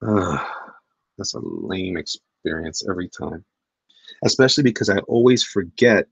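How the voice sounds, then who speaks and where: A man's voice: low voice, gravelly, slightly rough, no echo, muffled recording. A man, a comic artist, chatting casually to his livestream audience while he draws, rambling and poking fun at himself. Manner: rambling and self-deprecating, talks to chat.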